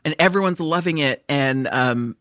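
A woman co-hosting a podcast in casual chat, an animated storyteller who swears freely and laughs often. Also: low-pitched, normal speed, dry recording, studio quality. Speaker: podcast co-host.

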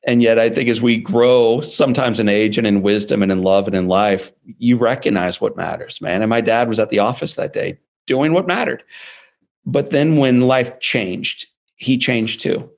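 In an interview, a guest speaker in his forties tells a personal story in a gravelly, fairly low voice at normal speed. He is emphatic and animated, pressing hard on key words.

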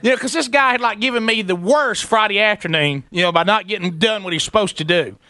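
A middle-aged man hosting a talk show spins a long story with lively energy. His voice sits a little high and has a bright, forceful edge. The sound is dry and close, with no room around it. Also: brisk, dry recording. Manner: animated, acts out both sides of the story. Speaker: radio show host.

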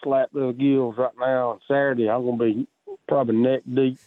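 A man's voice: mid-range voice, little pitch movement, a little fast, no room sound. A man with a Southern US accent, calling in to a radio talk show and chatting casually in a folksy, drawling way. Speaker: caller. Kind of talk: casual chat. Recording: tinny phone line.

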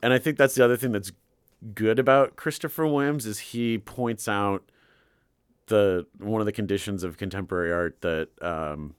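A man co-hosting a podcast in casual chat, rambling with drawn-out asides and frequent laughter. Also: fairly low pitch, clean tone, no room sound, clean studio sound. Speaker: podcast co-host. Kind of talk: casual chat about art.

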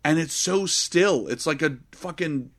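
A man co-hosting a casual movie podcast, retelling scenes in an excitable, profane way. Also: on the high side, a little slow. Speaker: podcast co-host. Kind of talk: casual movie review chat.

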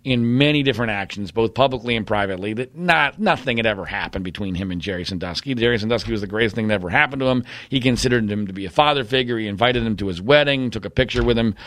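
A man's voice: fairly low pitch, fast, few pauses, fairly bright tone, no room sound, clean studio sound. A man giving an emphatic, combative monologue with blunt opinions. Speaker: commentator.

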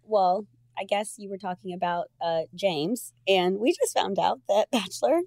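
A woman co-hosting a casual podcast chat, bubbly and quick to laugh, often trailing off mid-sentence. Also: medium pitch, vocal fry, darkish tone, dry recording. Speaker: podcast co-host.

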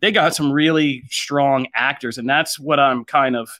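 A man co-hosting a casual pop-culture chat, animated and joking, jumping high and loud when he gets excited. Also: a little slow. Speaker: podcast co-host.

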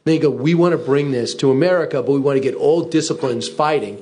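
Fast-talking, animated male host. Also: medium pitch, slight background noise. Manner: animated anecdote teller, acts out voices. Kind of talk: casual chat.

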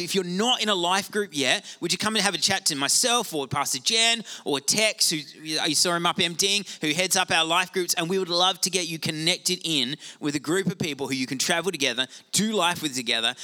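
A middle-aged male pastor preaching a sermon in an animated, conversational way with self-deprecating asides. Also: fairly high pitch.

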